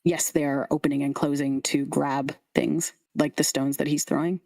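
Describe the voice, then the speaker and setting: A woman's voice: low voice, flat delivery, moderate pace, mellow, no room sound. A woman game master casually narrating a tabletop game, with laughing asides.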